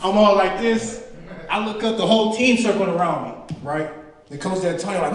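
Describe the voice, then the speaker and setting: A young male stand-up comedian performs a profane set at a small indoor venue, telling stories and acting out his friends' voices. He talks fast in a high voice with lively intonation, recorded from a distance in an echoey room.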